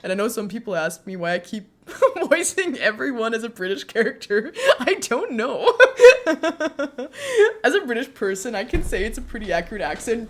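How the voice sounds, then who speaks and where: A woman in her twenties chatting casually with her viewers as a streamer, talking warmly and laughing often. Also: a little high, sing-song, moderate pace. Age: 20s. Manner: chatty, frequent laughs, speaks warmly to chat.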